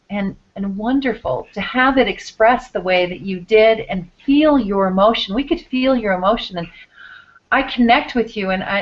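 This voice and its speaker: A woman's voice: a little high, muffled recording. A woman hosting a talk show, earnest and meandering, with many fillers. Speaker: show host.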